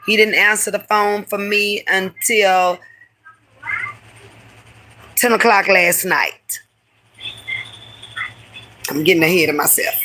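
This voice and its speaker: A woman's voice: mid-range voice, fairly even intonation, slow pace, long pauses, pushed and bright, rough recording. A woman hosting a live stream who tells a personal story in a candid, heated way, full of profanity and slang. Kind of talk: casual storytelling to a live audience.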